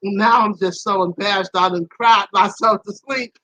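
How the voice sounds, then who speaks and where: A woman hosting a live stream, telling a personal story in a casual, animated way, laughing and her voice leaping high at the embarrassing parts. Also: normal speed, no room sound, low-quality recording.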